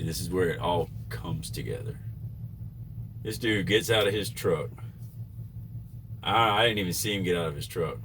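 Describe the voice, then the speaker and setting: Deep-voiced trucker telling a story. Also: male voice, background noise. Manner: rambling, with fillers and self-corrections. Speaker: truck driver. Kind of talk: casual storytelling vlog.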